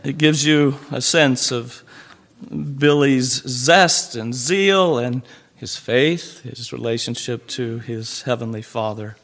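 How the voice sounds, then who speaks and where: A male preacher telling a story in a sermon, pausing now and then with "uh" fillers. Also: mid-range voice, a bit bright.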